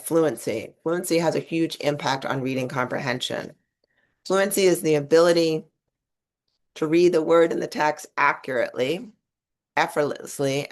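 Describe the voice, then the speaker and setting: A woman giving a webinar presentation and explaining her slides step by step, with occasional restarts mid-word. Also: sits low. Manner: explanatory, talks through slides. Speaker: webinar presenter on reading instruction.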